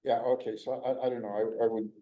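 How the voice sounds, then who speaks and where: A man on the county board at a public meeting, talking in a halting, casual way. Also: mid-range voice, level tone. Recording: dull, muffled recording.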